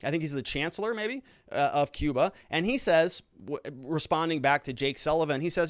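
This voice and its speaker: A man hosting a political commentary show, sarcastic and animated, with mocking asides. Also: on the high side, fairly quick, hardly any pauses, no echo, studio quality. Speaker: host.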